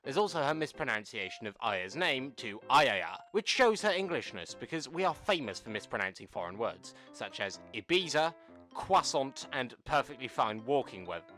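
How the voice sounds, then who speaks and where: Sarcastic man with lively delivery. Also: mid-range voice, normal speed, soft background music. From United Kingdom. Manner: sarcastic, mock-serious. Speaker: video essay host. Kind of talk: scripted comedic narration.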